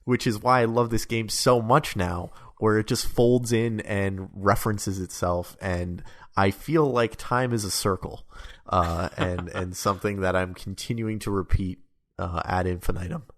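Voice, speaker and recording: Man, low voice, rambling game chat, lots of ums. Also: steady tone, unhurried. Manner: rambling, hesitant, with many ums and laughs. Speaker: podcast co-host or guest. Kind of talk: casual video game discussion.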